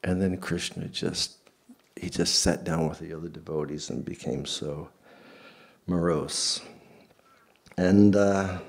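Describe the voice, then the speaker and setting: A man tells a story in a relaxed, rambling way, full of fillers. His voice is very low, slow and gravelly. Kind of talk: casual storytelling.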